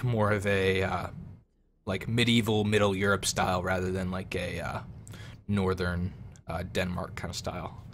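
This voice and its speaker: A man runs a tabletop role-playing game, describing the scene in a loose, filler-heavy way. His voice is bright and forward. A faint hum sits behind him. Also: lowish voice. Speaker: game master.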